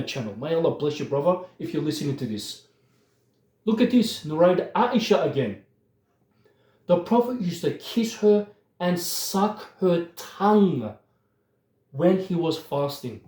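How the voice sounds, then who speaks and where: A man's voice: a little high, warm tone, echoey room. A man giving impassioned religious commentary, emphatic and worked up, often turning to address his listeners directly.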